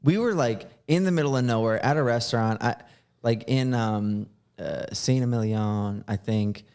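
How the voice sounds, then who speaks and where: A man with a smooth, darkish, medium-pitched voice, speaking at a moderate pace, hosts a podcast and recounts a long tale. It's loose and rambling, with free swearing and many filler "like"s.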